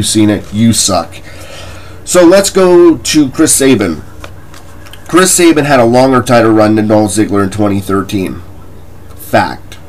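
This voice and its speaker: A man's voice: fairly low pitch, darkish tone, slight background noise, low-quality recording. A man ranting in a wrestling commentary vlog, profane, combative and mocking, with scoffing laughs between points.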